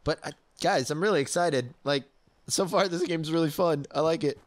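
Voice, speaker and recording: A man's voice: fairly high pitch, normal speed, dry recording. A young man in his twenties narrating his own gameplay casually, easily startled and prone to yelps and shrieks. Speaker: let's play gamer.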